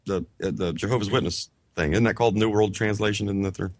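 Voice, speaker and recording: Low-voiced man teaching Bible Greek. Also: steady tone, dry recording. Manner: reads in measured phrases, then breaks off into chatty asides; sounds out Greek words slowly and carefully. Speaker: co-host of a Bible Greek study show. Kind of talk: reading a grammar textbook aloud and explaining it.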